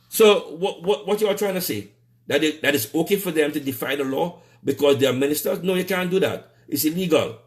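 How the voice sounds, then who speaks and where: A man from Trinidad and Tobago, speaking with a Trinidadian accent, goes on an angry live-stream rant. His voice is fairly high with lively intonation and a fairly quick pace. He gets heated and repetitive, curses, and stumbles over restarts.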